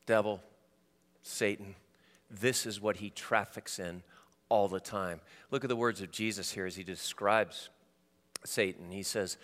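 Male pastor, smooth resonant voice, preaching in a hall with long reverb. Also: lowish voice, measured pace. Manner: shifts from loud and animated to quiet and intimate. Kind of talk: sermon.

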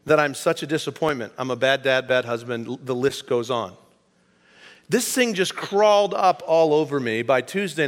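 A middle-aged man preaching a sermon as pastor, emphatic, swinging from raised passages down to a quiet hush. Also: mid-range voice. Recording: long hall reverb.

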